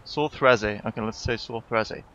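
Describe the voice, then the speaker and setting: A man narrating a game dungeon in a relaxed, casual way, trying out names as he goes. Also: lowish voice, a little slow, dull audio. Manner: relaxed, unsure of names, reads quest text aloud.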